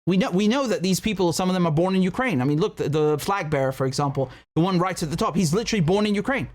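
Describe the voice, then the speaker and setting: A man's voice: sits high, lively intonation, fast talker, darkish tone. A man in his thirties from the United Kingdom, a political commentator giving emphatic, rhetorical solo livestream commentary with frequent restarts. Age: 30s.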